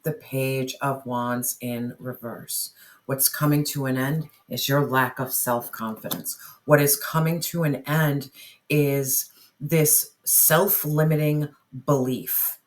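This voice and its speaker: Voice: mid-range voice, fairly even intonation, slow pace. A tarot reader giving an earnest reading straight to the listener, often repeating phrases and asking spirit questions aloud. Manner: asks spirit questions aloud while drawing cards. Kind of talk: tarot reading addressed to viewers.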